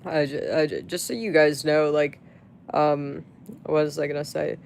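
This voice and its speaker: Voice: medium pitch, fairly even intonation, normal speed, gravelly, a little hiss or hum. A live streamer chatting casually to viewers, rambling with many fillers and restarts, swearing freely. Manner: crude, profane outbursts at chat.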